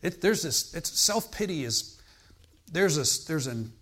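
A man's voice: a little high, lively intonation, measured pace, fairly bright tone. A man preaching in a conversational sermon. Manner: conversational preaching, questions to the congregation, emphatic exclamations.

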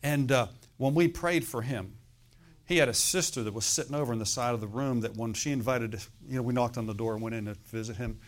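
A middle-aged man delivers a sermon in a loose, conversational style. He keeps checking in with his listeners, tossing out "okay?" and "amen?" between points, and his voice sits at an ordinary middle pitch for a man. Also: fairly quick. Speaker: pastor.

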